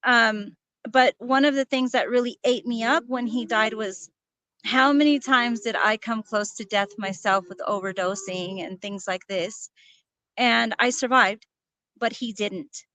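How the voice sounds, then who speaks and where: A woman guest in a conversational interview, speaking earnestly and softly about a personal loss. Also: a little high, unhurried. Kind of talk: casual interview, telling a personal story.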